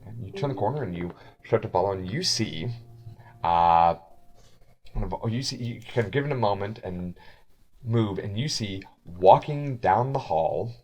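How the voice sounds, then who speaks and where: A man's voice: on the low side, animated, measured pace, a little mellow. A man narrating as game master, rambling with frequent restarts. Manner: rambling, many restarts and fillers.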